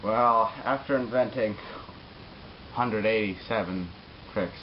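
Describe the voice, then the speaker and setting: A man's voice: fairly low pitch, slow pace, highs cut off, slight background noise. A man playing a boastful, crude pro scooter rider in a mock interview comedy sketch, rambling and bragging.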